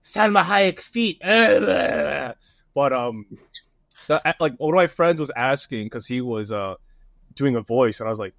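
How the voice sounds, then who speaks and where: A man's voice: mid-range voice, expressive, measured pace, creaky, fairly bright tone, no room sound, studio quality. A man guesting on a podcast, chatting in a joking, offhand way. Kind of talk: casual podcast chat.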